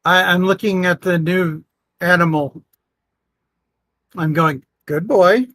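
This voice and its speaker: A man's voice: high-pitched, level tone, slow, bright, forceful tone, no room sound. A man playing in a tabletop game, teasing and playful in casual chat. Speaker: player.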